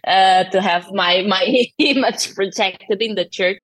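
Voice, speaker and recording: A woman's voice: medium pitch, steady tone, unhurried, fairly bright tone, faint music behind. A Portuguese woman in her thirties, a native Portuguese speaker, answering interview questions about her poetry in a casual, hesitant way with many fillers and restarts. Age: 30s. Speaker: guest poet.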